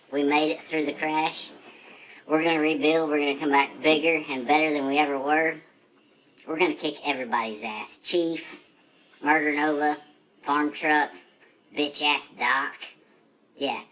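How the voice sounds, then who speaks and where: Man doing a cocky redneck drag racer, foul-mouthed, rambling trash talk, bright sharp voice, comedy monologue. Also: a little high, rough recording.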